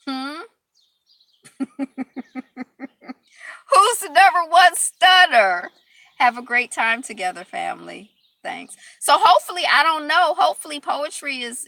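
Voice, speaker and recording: A woman hosts a casual live stream, her voice bright and forceful. She chats in a loose, rambling, upbeat way, heaping affirmations on her viewers. The sound is dry and close, with no room around it. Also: medium pitch, vocal fry, no room sound. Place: Detroit.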